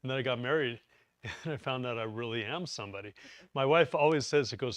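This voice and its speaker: A man's voice: mid-range voice, a little fast, fairly bright tone. Chatty man teaching a live class. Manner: chatty, joking, rambling asides. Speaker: preparedness course instructor. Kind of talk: live class presentation with jokes. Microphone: lapel mic.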